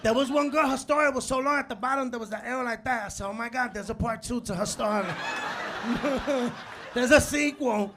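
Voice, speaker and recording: A man in his forties doing a stand-up comedy set on a club stage, telling animated stories, acting out quotes and working the crowd. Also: very high-pitched, fairly quick, noisy background. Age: 40s. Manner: animated storytelling, acts out quotes, works the crowd. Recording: live club recording with loud crowd laughter. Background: audience laughter.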